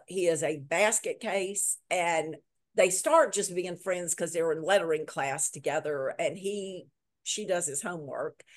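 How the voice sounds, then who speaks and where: A woman author, a guest in a video interview, telling a story with lively retelling and repeating words for emphasis. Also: fairly low pitch. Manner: lively retelling that acts out quoted lines.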